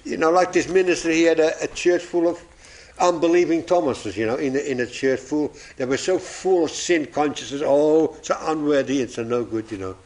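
A man's voice: on the high side, a little fast, a little mellow. A man preaching a sermon, telling illustrations and acting out the voices in his stories, chuckling at his own jokes.

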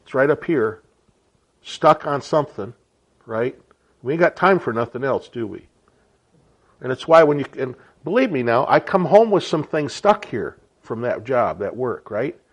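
A man's voice: mid-range voice, very animated, normal speed, breathy edge, dull audio. A man giving an informal sermon as a Bible teacher, chatty and conversational, often checking in with rhetorical questions.

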